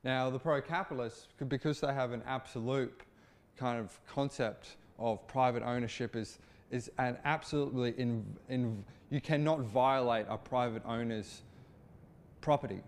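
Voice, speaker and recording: A man giving satirical political commentary, mid-pitched and informal. He often stumbles and restarts his phrases, and his delivery stays loose and conversational throughout. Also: normal speed. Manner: informal, repetitive restarts, occasional swearing.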